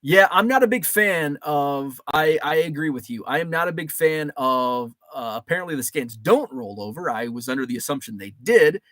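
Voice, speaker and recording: A man's voice: on the high side, lively intonation, moderate pace, few pauses, a bit bright, no echo. Chatty man reading viewer comments. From Illinois. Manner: chatty, rambling, with frequent ums and restarts. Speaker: livestream host. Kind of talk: casual livestream chat, reading viewer comments aloud.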